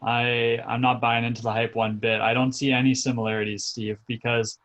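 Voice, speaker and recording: A man's voice: mid-range voice, flat delivery, brisk, a bit bright. A man co-hosting a sports podcast, speaking hesitantly with many fillers before stating his view bluntly. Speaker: podcast co-host. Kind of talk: casual sports chat.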